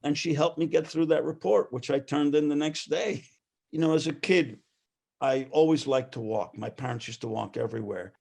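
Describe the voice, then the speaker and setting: A man interviewed as a guest, telling lively anecdotes about his mother and laughing often as he talks. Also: a little high, normal speed, vocal fry. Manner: animated anecdotal storyteller; laughs often while talking. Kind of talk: personal storytelling.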